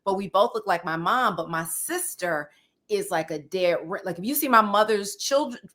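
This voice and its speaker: A woman's voice: mid-range voice, animated, normal speed. A woman co-hosting a podcast, bantering casually with her co-host and moving the show on to new segments. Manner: warm banter, says "girl" often, then steers into topics. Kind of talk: casual chat.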